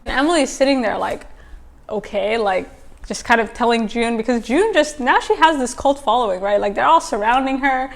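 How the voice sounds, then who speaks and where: A woman talking casually as she recaps and reviews a TV episode, full of fillers and quick asides. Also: fairly high pitch, gravelly. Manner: chatty, filler-heavy, exclaims. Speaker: TV recap host.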